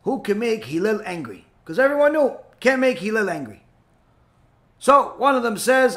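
A man teaching through a story, narrating with animated energy and acting out the voices of the people in it. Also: high voice, normal speed. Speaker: Torah teacher. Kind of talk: storytelling lesson.

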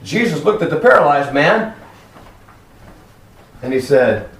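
A man preaching a lively sermon in a church hall, acting out voices as he tells stories. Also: fairly high pitch, measured pace, long pauses. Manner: animated, acts out voices in stories. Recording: echoey hall, from far off, faint noise.

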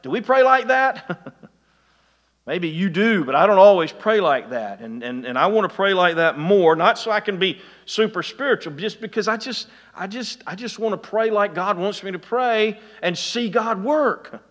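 Male preacher, conversational sermon delivery, slightly high voice, long hall reverb. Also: moderate pace, fairly bright tone. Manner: conversational, chuckling asides, many restarts. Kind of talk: sermon with anecdotes.

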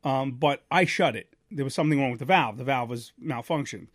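A man in his thirties co-hosting a podcast, telling a story casually and acting out the voices loudly. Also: mid-range voice, fairly quick, dry recording, studio quality. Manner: animated, acts out quoted voices loudly. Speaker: podcast co-host.

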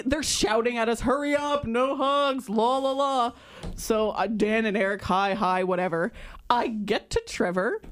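A medium-pitched woman in her thirties co-hosts a podcast and shares an animated anecdote in casual chat, imitating the voices of those in the story.

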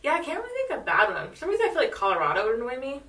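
A woman's voice: high-pitched, huge pitch swings, racing, a bit bright. A woman in her thirties from Washington State, co-hosting a podcast in casual chat with dry, teasing quips. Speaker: podcast co-host. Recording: echoey room, mic at a distance.

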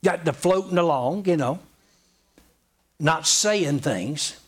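A man's voice: fairly high pitch, slow pace, breathy edge. A man preaching a sermon in an emphatic, folksy way, hammering points home by repeating them.

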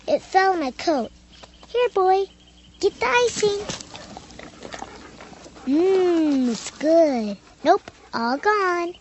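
A man's voice: extremely high pitch, slight background noise, heavily acted, rough recording. A sweet shy little boy. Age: child. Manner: soft, halting little-boy chatter. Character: small boy, sweet and shy, new big brother. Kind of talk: radio drama.

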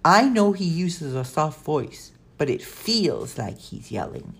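A woman voicing a clever, cautious girl who speaks in a measured, earnest way. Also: deep voice, big pitch swings, creaky, breathy edge, heavily acted.

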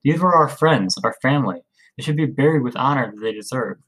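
A man's voice: mid-range voice, lively intonation, brisk, fairly bright tone, husky, voice pushed up, poor audio. A man voicing an uneasy, indignant young woman in a storybook.

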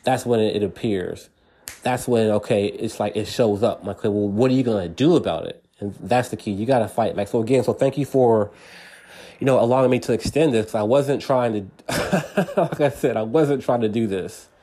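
A man hosts his own podcast in a loose, earnest monologue. His voice is mellow and warm in tone, and he circles back over his words, restarting often and laughing now and then. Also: lowish voice, brisk. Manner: earnest and repetitive, frequent restarts, laughs between points. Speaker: podcast host. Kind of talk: casual monologue.

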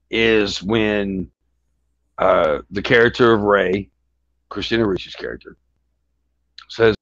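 A man's voice: on the low side, no room sound. A man co-hosting a podcast in casual chat, rambling with many restarts and constant swearing. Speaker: podcast co-host. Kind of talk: casual chat about movies. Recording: dull lo-fi sound.

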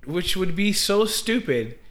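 A man co-hosting a podcast, chatting casually with quick asides and frequent laughs. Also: high-pitched, very animated, a bit bright. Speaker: podcast co-host. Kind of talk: casual movie review chat.

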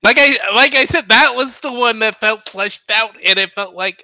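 A man co-hosting a casual movie podcast, animated and laughing often as he talks. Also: very high voice, moderate pace, dry recording. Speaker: podcast co-host.

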